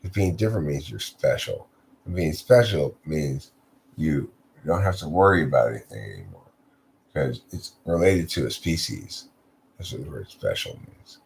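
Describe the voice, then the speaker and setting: Drowsy rambling man with a gravelly voice. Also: rumbling low, lively intonation, normal speed, darkish tone, slight background noise. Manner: meandering, drowsy, loses the thread. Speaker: storyteller. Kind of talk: improvised rambling storytelling.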